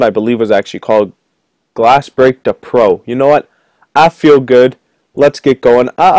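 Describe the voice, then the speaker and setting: A young man giving jokey, excitable commentary while playing a video game, whooping when he wins. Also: mid-range voice, no echo. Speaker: gaming channel host. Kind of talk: casual let's play commentary.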